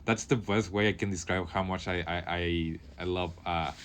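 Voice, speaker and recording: Rambling low-voiced male radio host. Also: fairly even intonation, a bit bright, slight background noise. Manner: rambling, halting, many fillers and restarts. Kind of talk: casual solo radio talk. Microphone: studio microphone.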